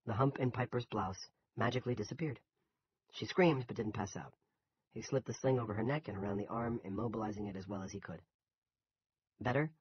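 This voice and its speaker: A man narrating a novel as an audiobook in a steady storytelling manner. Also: on the low side, fast talker, dull audio, slight background noise.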